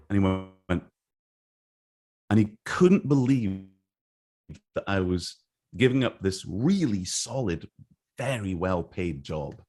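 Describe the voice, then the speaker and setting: A middle-aged man with a slightly low voice recalls his past in a casual interview. He rambles and restarts often, and he slips into other people's voices when he quotes them. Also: animated, slow pace, long pauses, a little mellow. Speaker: interview guest, game artist.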